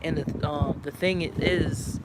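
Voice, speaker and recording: A man recounts a story to his livestream in a loose, rambling manner, piling up filler words and profanity. His voice sits a little high for a man. He is outdoors, and loud wind buffets the microphone. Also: fairly even intonation, slow. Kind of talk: casual storytelling. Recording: loud wind noise on the mic.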